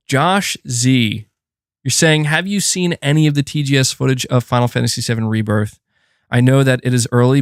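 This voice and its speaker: A man hosting a casual gaming live stream, reading and answering super chats in a chatty, animated way with frequent fillers. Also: mid-range voice, clean tone, dry recording, studio quality. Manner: chatty and animated, thanks donors, frequent fillers and self-corrections. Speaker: gaming channel host.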